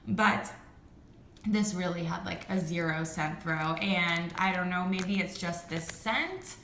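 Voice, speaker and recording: A woman talks casually and at length, with plenty of ums and likes. Her voice is bright and forward. The room echoes noticeably around her, with faint noise behind. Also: on the low side. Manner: chatty, rambling, frequent ums and likes. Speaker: vlogger reviewing wax melts. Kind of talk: casual chat. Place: home room with high ceilings.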